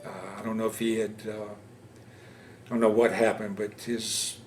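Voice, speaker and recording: A man in his seventies from Louisiana, recounting his war experiences in an oral history interview, speaking haltingly with many pauses and fillers. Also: on the low side, level tone, faint music behind. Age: 70s. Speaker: veteran interviewee. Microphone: interview camera setup.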